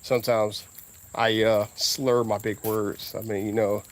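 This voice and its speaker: A man with a Southern US accent rambling casually as a car vlogger outdoors, drawing out his words and breaking into sudden high exclamations. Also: flat delivery. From Southern United States. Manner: laid-back, drawn-out talk with sudden high exclamations.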